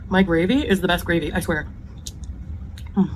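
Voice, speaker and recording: A woman's voice: lowish voice, normal speed, a little hiss or hum, low-quality recording. A woman hosting an eating show, chatting about her meal and savoring each bite. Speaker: mukbang host.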